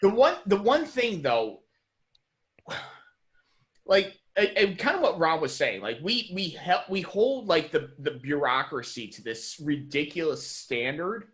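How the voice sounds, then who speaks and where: An animated man whose voice rises and falls a lot, sitting a little high. He argues emphatically in a casual podcast chat and drops a curse word for emphasis. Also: unhurried. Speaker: podcast co-host.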